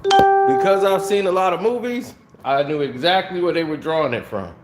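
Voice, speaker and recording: A man giving a casual, animated spoiler review of a film, talking to his viewers. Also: fairly high pitch, over loud music. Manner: animated, conversational, drawn-out delivery.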